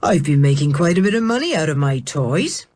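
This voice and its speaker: A woman voicing a jovial, teasing older male coast guard in a storybook reading, with a slightly lower, gruff and bantering delivery. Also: big pitch swings, a little fast, a little mellow.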